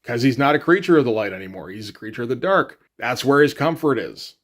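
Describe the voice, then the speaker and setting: A man's voice: medium pitch, expressive, quick pace. A young man hosting a casual comic book breakdown, retelling scenes animatedly and quoting characters, with the odd swear. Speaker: comics review host.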